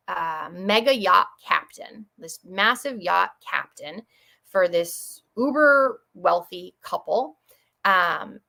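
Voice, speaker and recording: A woman from Connecticut, a chiropractor talking as a guest on a broadcast, tells patient stories in a quick, chatty, effusive way. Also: on the low side, gravelly, a bit bright. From Connecticut, USA. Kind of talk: casual storytelling on a broadcast.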